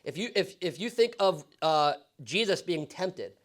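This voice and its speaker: In a church classroom, a high-voiced male pastor teaches Bible study conversationally, animated and at a measured pace. He keeps it casual, asking the class questions and often saying "right?".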